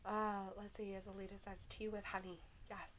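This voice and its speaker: A woman's voice: medium pitch, fairly quick, slight background noise, rough recording. Giggly woman reading stream chat aloud. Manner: giggly, animated, reads chat messages aloud. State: slight headache. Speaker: live stream co-host.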